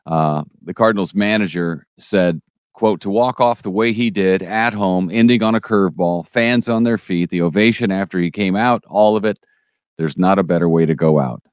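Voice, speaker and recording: Male news podcast co-host, very deep, stop-start delivery, dry booth sound. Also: smooth, dry recording. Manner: halting, restarts often, opinionated asides. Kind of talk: casual news chat.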